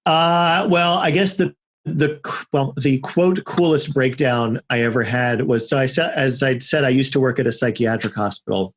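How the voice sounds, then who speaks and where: A middle-aged man, a podcast guest, telling a story in a casual, animated way and acting out the quotes in it. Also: medium pitch, moderate pace. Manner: animated, acts out shouted quotes in his stories. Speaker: podcast guest, car owner.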